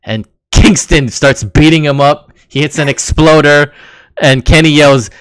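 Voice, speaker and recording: A man with a smooth, fairly bright, higher voice speaks unhurriedly, with no echo. Co-hosting a casual wrestling recap podcast, he rambles and laughs as he retells the action.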